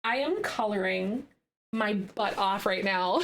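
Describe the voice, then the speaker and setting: A woman streaming live, chatting casually with lots of fillers and bursts of excitement. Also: mid-range voice, slow.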